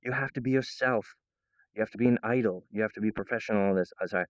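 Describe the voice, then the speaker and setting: Speaking fast in a lowish voice, a man vlogs from his home kitchen, drifting through a casual, meandering monologue packed with restarts, tangents and goofy voices. There's no echo, and the high frequencies are cut off.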